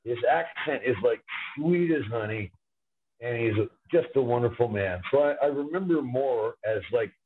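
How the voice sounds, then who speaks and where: A man calling in as a guest on a sports talk show, telling rambling, fond stories about a former player. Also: mid-range voice. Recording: tinny phone line.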